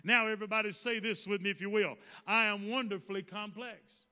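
High, bright-voiced preacher in echoing hall. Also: male voice, fairly even intonation, fairly quick. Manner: repetitive call-and-response preaching, rising to shouts. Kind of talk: sermon. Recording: long reverb of a hall.

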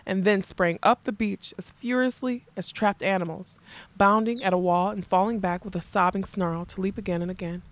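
Woman narrator, audiobook, measured, expressive, mid pitch. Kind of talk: audiobook reading of a fantasy novel.

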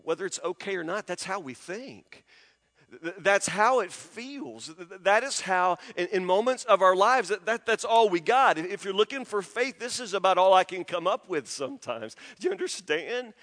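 A man preaching a sermon as a pastor, emotional and halting, stammering through restarts and dropping from loud appeals to hushed confessions. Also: sits high, animated, long reverb tail.

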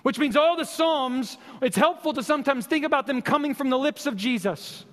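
Male pastor, very high voice, passionate sermon delivery, long hall reverb. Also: a bit bright. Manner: impassioned, repetitive exhortation with slow emphatic stresses.

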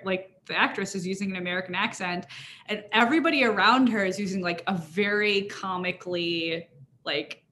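A woman's voice: medium pitch, bright, forceful tone, slight background noise. A young woman in casual chat as a podcast co-host, talking with many fillers and frequent laughs.

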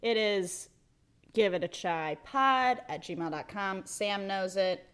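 A woman co-hosting a podcast in casual chat, animated and giggly, reading messages aloud with playful emphasis. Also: mid-range voice, slow pace, clean tone. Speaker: podcast co-host.

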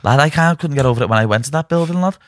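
A man and fighter telling stories in a casual podcast chat, animated and swearing often. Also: mid-range voice, very fast, dry recording, studio quality. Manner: animated storytelling, swears often, says "lad" constantly.

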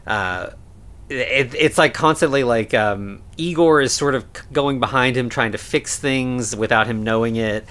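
A man's voice: medium pitch, normal speed, a bit bright, smooth. A man co-hosting a podcast, talking through a film in a casual, rambling way with many fillers and restarts. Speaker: podcast co-host.

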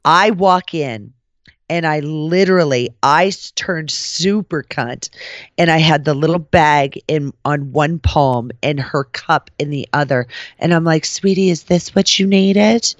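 A woman hosting a podcast, telling a story in casual chat, profane and animated, slipping into the voices of the people she quotes. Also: sits low, unhurried, no room sound, dull audio. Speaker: podcast host.

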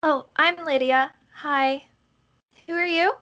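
A woman voicing a prissy, blunt ten-year-old girl who talks in a high, chirpy way. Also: fairly even intonation, takes it slowly, fairly bright tone, dull audio. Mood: nosy.

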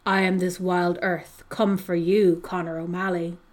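Ancient tree monster, huge and male, grand and booming, read by a woman. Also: level tone, a little slow, close to an everyday voice. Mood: grandiose. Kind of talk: reading aloud from a novel.

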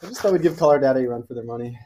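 A man's voice: mid-range voice, expressive, rapid-fire, dark tone, slight background noise. A young man co-hosting a podcast, teasing his friends in casual chat. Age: young adult. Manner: teasing, laughs often. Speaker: podcast co-host.

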